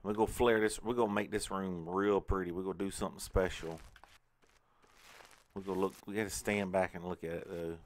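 A man's voice: low voice, fairly even intonation, brisk. A man hosting a casual let's play, chatting and talking to himself as he plays. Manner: chatty, talks to himself while playing. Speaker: gaming channel host.

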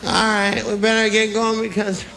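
On a comedy stage, a stand-up comedian plays a sloppy, grudge-holding drunk, slurring and mumbling in a high, monotone voice with vocal fry at normal speed, then bursting out loud. The noisy live club recording carries audience laughter throughout.

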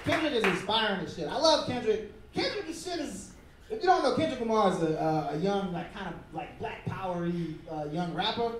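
A man's voice: high voice, very animated, a little fast, a loud crowd, very noisy. A young man doing a stand-up comedy set in a club, talking loosely with lots of fillers and slipping into acted asides. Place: comedy club stage before a live audience. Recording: roomy club sound, far mic, audience. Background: audience laughter.

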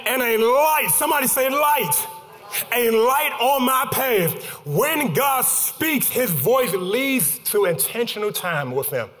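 High-voiced preacher with sung cadences. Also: male voice. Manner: preaching with sung, shouted cadences and call-and-response. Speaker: pastor. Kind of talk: sermon. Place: church sanctuary. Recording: church hall reverb with music behind.

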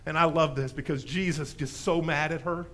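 High-pitched man, pastor, sermon, lively storytelling, church. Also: brisk. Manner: animated storytelling, acts out quoted voices.

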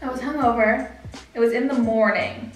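A tipsy young woman hosts a drinking game in a casual, blunt way and laughs easily, her voice a little high. She sounds far from the mic in a very echoey room with music playing behind her. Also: fairly even intonation, normal speed, a little hiss or hum. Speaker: vlogger hosting a drinking game. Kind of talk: casual chat. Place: indoors at home.

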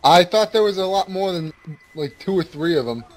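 High-voiced swearing gamer man. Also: expressive, normal speed. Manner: swearing, exclamatory. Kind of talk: excited co-op let's play chat.

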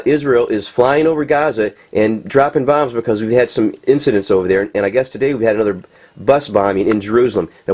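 A man giving impassioned, rambling commentary while showing pictures, swearing and filling pauses with ums and uhs. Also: on the low side, darkish tone. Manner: heated, rambling, swearing, many fillers. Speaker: political commentator.

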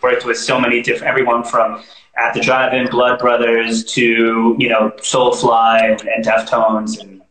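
A man hosting a casual livestream interview, asking loose, quick questions. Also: medium pitch, monotone, fairly bright tone, reverberant, low-quality recording. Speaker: interview host.

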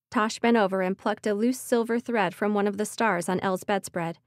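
A woman reads a fantasy audiobook script in a mid-range voice, keeping her storytelling steady and measured. The recording is dry and studio-clean.

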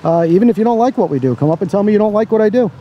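A man's voice: high voice, lively intonation, racing, lo-fi sound, slight background noise. A man filming outdoors as a First Amendment auditor, giving blunt, sarcastic, casual commentary to his camera with some swearing. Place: outdoors by a parking lot.

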